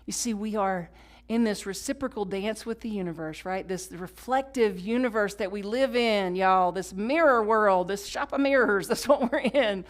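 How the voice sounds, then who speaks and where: Woman pastor preaching, loud then whispered. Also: mid-range voice, moderate pace, few pauses. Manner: swings from loud emphatic lines to hushed whispers; leads the congregation in call-and-response. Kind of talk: sermon.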